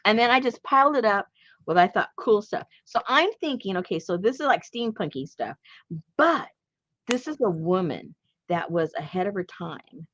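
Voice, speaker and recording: A woman's voice: medium pitch, animated, normal speed, a bit bright, no room sound, muffled recording. A woman hosting a craft channel, chatting casually and playfully while showing a handmade journal. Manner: playful and chatty, laughs often.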